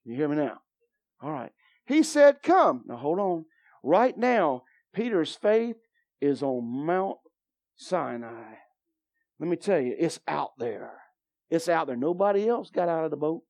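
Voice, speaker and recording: A man's voice: fairly high pitch, big pitch swings, unhurried, a little mellow. A man preaching a sermon as pastor, emphatic and drawing responses from the congregation. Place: church.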